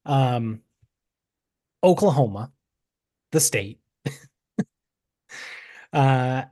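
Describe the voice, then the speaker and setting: A man's voice: medium pitch, expressive, drawn-out words, warm tone, no room sound, studio quality. A man co-hosting a podcast in casual chat, telling a story in a rambling way with swearing and mocking asides. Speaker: podcast co-host.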